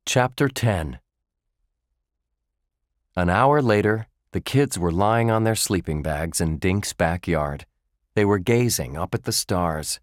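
A low-pitched male narrator tells a children's chapter book in an expressive yet measured manner, typical of audiobook storytelling. The sound is clean studio audio without any room sound.

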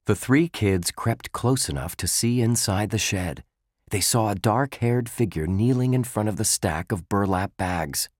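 This male audiobook narrator reads a children's chapter book in a measured, expressive storytelling style. His voice is fairly low. The studio-quality recording is dry, with no room sound.

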